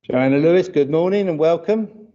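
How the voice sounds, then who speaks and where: A man's voice: a little high, normal speed, mellow. A man with a British accent leading a church livestream, chatty and greeting viewers by name, with a touch of hay fever. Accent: British English. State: hay fever, runny nose. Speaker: church service leader. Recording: dull lo-fi livestream audio.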